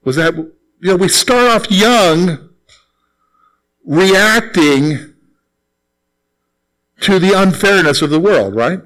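A man's voice: high voice, animated, slow pace, long pauses, fairly bright tone, poor audio. A middle-aged man preaching a sermon as pastor, talking to his congregation in a conversational way and repeating his points. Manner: conversational preaching with repeated phrases and acted quotes.

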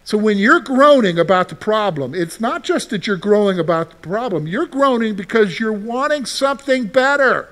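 Male pastor, high voice, very animated swings, chatty sermon, keeps quizzing the listeners. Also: normal speed, few pauses. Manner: conversational, asks the congregation questions and answers them; plays out imagined listeners' replies.

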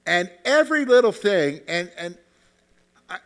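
A man's voice: high voice, very animated, a little slow, fairly bright tone. A man leading a Bible study class as its teacher, asking the group questions and often checking in with "okay?". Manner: keeps checking in with "okay?", repeats phrases. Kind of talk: interactive class discussion.

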